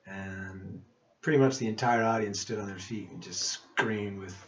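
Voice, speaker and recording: Interviewed casually on a muffled, lo-fi podcast, a middle-aged musician from Cape Breton Island, Nova Scotia, Canada, tells warm, rambling stories of his life and keeps restarting his sentences. His voice is fairly low and his speed normal.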